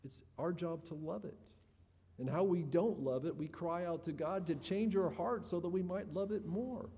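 A man's voice: high voice, moderate pace, mellow, in a large hall. A man preaching a sermon in an earnest, expository way, building emphasis as he makes his points.

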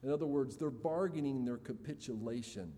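A man's voice: mid-range voice, brisk, mellow. Man preaching in a reverberant hall. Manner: earnest expository preaching, rising emphasis on key points. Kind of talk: sermon.

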